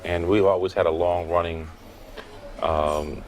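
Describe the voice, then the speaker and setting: Male interview guest, very low voice, easygoing and measured, faint background noise. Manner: relaxed, thoughtful, hesitant with fillers. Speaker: interview guest, football player. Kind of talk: casual interview.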